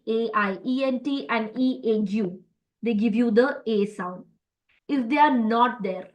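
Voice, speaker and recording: High bright-voiced woman teaching French. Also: rough recording. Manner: encouraging, explains step by step, many fillers. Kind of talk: online class teaching.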